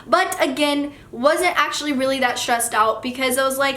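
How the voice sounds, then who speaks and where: A young woman, a mother, telling a casual storytime with an animated, profane, chatty manner. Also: high-pitched, normal speed, hardly any pauses, reverberant. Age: young adult.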